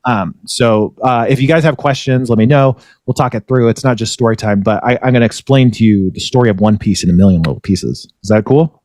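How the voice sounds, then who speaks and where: A man's voice: mid-range voice, a little fast, a little mellow, dry recording. A man hosting a podcast, retelling a story in a rambling way and correcting himself often. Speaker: podcast host. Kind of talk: casual chat.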